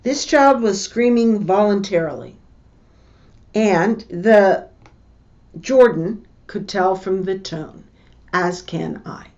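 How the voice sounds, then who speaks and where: An older woman giving a lesson with personal stories, talking in a slow, measured way and repeating her key points. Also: mid-range voice, darkish tone, muffled recording. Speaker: teacher.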